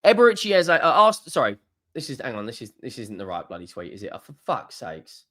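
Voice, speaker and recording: A young man ranting in a fan video, swearing often and swinging from low muttering to loud exasperated outbursts. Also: very animated, fairly quick. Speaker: football fan vlogger.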